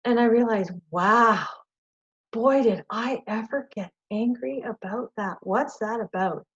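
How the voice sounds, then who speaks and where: A woman's voice: on the high side, normal speed, a little mellow, slightly rough, highs cut off. A woman giving an informal workshop talk on stress, conversational and self-deprecating, acting out her own inner thoughts. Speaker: workshop presenter.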